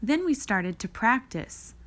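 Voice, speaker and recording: A woman reading a children's picture book aloud in a slow, expressive read-aloud manner. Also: a little high, background noise. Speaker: reader.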